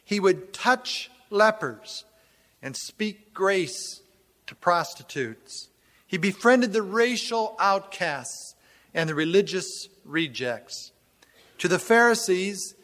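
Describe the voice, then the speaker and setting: A man preaching a sermon, reading scripture aloud and then expounding it in an emphatic, measured way. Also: high-pitched, fairly bright tone. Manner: emphatic, measured preaching with falling phrase ends. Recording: long hall reverb.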